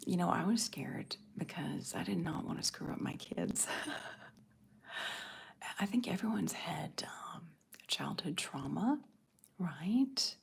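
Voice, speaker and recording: A middle-aged woman hosting an ASMR livestream, answering chat in a soft breathy whisper. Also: fairly low pitch, expressive, takes it slowly, pauses often.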